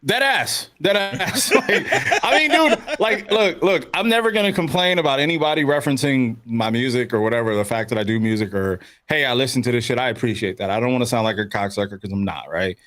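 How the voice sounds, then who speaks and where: A man co-hosting a podcast, telling animated profane stories and mimicking the people he quotes in casual chat. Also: mid-range voice, fairly quick, few pauses. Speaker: podcast co-host, rapper.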